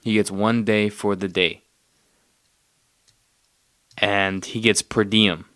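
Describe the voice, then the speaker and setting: A man's voice: lowish voice, steady tone, slow, a bit bright, no echo, clean studio sound. A man hosting a podcast, talking in a loose, profane, rambling way and often losing his train of thought. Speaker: podcast host. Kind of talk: casual rambling monologue.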